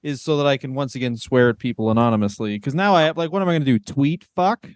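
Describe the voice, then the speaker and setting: A man co-hosting a casual comedy podcast, riffing crudely and quickly with his partner. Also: mid-range voice, smooth, dry recording, studio quality. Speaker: podcast co-host.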